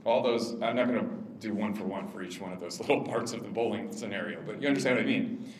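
A man giving an informal teaching talk to a church audience about parenting, conversational, with many fillers and lively quoted asides. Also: on the low side, quick pace, echoey room, background noise. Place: room with an audience.

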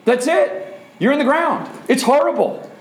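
High, lively man preaching a sermon. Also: a little slow. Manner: emphatic, asks the audience rhetorical questions. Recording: echoey room.

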